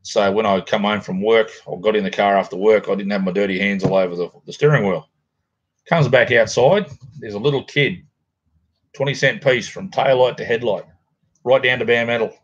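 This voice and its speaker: A slightly rough, lowish voice at a moderate pace belongs to a middle-aged Australian livestream host. Broadcasting from home near a garage, he rambles and chats easily with viewers, and the recording is muffled.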